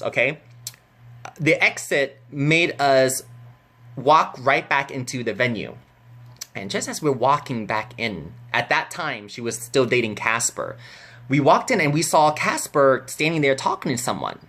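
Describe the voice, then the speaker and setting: A man speaking to camera in a casual vlog. He tells his story in a chatty, animated way, full of fillers and restarts. His voice sits in a middle pitch. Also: normal speed. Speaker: vlogger.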